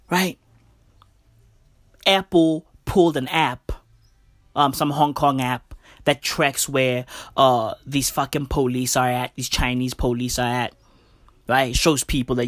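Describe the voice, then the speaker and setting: A commentator with a slightly high, somewhat bright voice rants casually at a slow pace with frequent pauses, using profanity and heavy slang and repeatedly checking in with "right?" The recording is dry.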